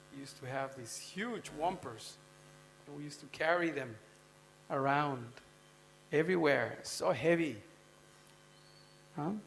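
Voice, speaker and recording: A man's voice: fairly high pitch, gravelly, fairly bright tone. A man giving a devotional scripture class in a temple, talking conversationally and quizzing his listeners as he goes. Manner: conversational, quizzing the audience with "huh?" and "you know?". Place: temple hall. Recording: long hall reverb with faint mains hum.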